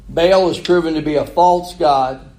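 A man's voice: fairly high pitch, fairly even intonation, normal speed, dark tone. A man preaching a conversational sermon, asking the congregation rhetorical questions.

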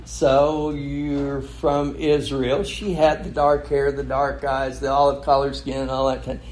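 A man's voice: mid-range voice, a little hiss or hum. A man from California, a pastor telling a story in a sermon and acting out both sides of a conversation. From California, USA. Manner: animated anecdotal delivery, acts out both sides of a dialogue.

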